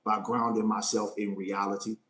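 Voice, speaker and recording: A man's voice: fairly low pitch, level tone, normal speed, fairly bright tone, roomy sound. A man, giving a live motivational Q&A talk as a life coach, emphatic and often asking "right?". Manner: emphatic, repeats phrases and asks "right?" often.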